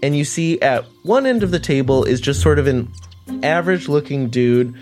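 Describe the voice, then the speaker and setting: A man running a tabletop game as game master, describing the scene in a halting, chatty way full of restarts. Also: on the high side, lively intonation, a little mellow, faint music behind.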